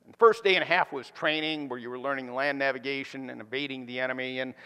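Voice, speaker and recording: A male pastor preaching a sermon, animated, swinging from loud emphatic bursts to quiet, hushed points. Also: medium pitch, fast talker, clean tone. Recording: reverberant hall.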